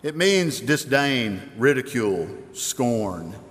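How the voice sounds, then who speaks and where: A man's voice: medium pitch, big pitch swings, slow pace, fairly bright tone. Man preaching in an echoing hall. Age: adult with children. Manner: conversational, asks the listeners questions. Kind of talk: sermon. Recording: long hall reverb.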